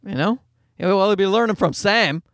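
Speaking at a normal pace, a man of forty with a high, slightly bright voice tells rambling comic stories with a wry edge and some profanity in a casual monologue. The studio-quality recording has no room sound.

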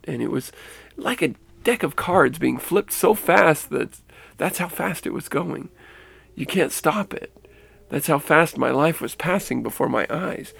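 A man earnestly recounting a personal experience, halting now and then and restarting phrases. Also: mid-range voice, no room sound. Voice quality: gravelly. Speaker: storyteller recounting a near-death experience. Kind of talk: personal storytelling.

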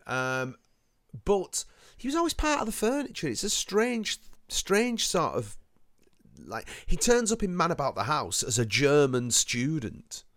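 Chatty man with a lively voice. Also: fairly high pitch, a little slow, dry recording, clean studio sound. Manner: chatty, nostalgic, jokey, swears casually. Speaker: podcast co-host. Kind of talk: casual chat.

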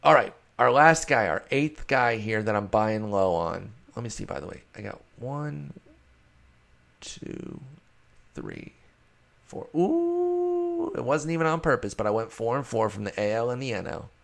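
A man's voice: fairly low pitch, animated, fairly quick, gravelly, few pauses, fairly bright tone. A man hosting a solo fantasy baseball show, talking casually and rambling in a self-deprecating way. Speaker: fantasy baseball podcast host.

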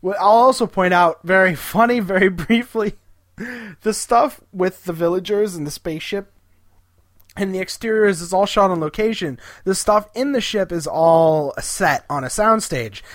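A podcast co-host casually recapping an episode, animatedly retelling scenes and quoting characters in quick voices. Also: mid-range voice, dry recording, clean studio sound.

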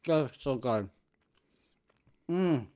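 A playful podcast co-host chatting casually while tasting treats. The voice is lively and moves around a lot in pitch. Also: very slow. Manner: playful, savoring food aloud. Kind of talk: casual chat.

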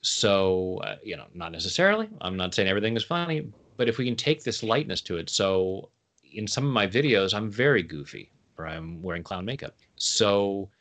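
A man chatting as an interview guest, playful and quick to laugh at his own jokes. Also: fairly low pitch, lively intonation, fairly bright tone. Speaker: guest, tapping coach. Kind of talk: casual interview chat.

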